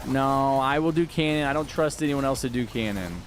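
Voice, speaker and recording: A man's voice: medium pitch, fairly quick, slight background noise. A man from Texas streaming a game, chatting casually and answering viewer questions with plenty of fillers and restarts. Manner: rambling, answers chat questions with many fillers. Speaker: gaming livestreamer. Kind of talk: casual livestream chat while gaming.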